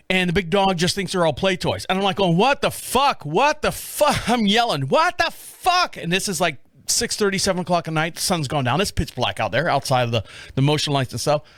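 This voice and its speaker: A man in his fifties hosting his own show, telling a rambling story from his rural life with lots of swearing, acting out his own shouting in a high, loud voice. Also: no room sound, studio quality. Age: 50s. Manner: profane, animated storyteller who acts out his own yelling. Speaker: podcast host. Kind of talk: casual solo storytelling.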